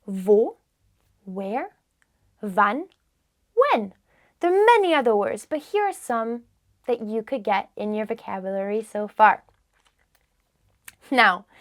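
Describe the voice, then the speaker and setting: A woman teaches a beginner class at an unhurried pace, saying each phrase and then translating it. Her voice sits a little high, and her manner is patient and clear. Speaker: language teacher. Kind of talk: slow, clear teaching with repetition.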